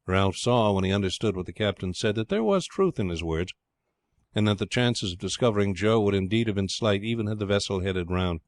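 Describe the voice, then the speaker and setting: A man narrating an adventure novel with a steady, measured reading. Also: lowish voice, dry recording. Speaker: audiobook narrator. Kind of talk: scripted narration.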